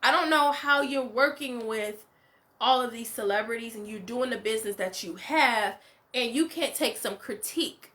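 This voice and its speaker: Woman recapping a reality show, punchy bright voice, pretty high, says like and you know a lot. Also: normal speed. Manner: opinionated, emphatic, lots of "like" and "you know". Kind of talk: casual reaction commentary.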